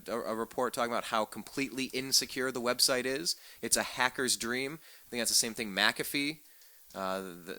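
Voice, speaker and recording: Brief: man, radio talk host, bright edgy tone, sarcastic rant with stumbling repeats. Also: lowish voice, no echo. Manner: sarcastic, ranting, repeats words when fired up. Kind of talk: political talk radio monologue.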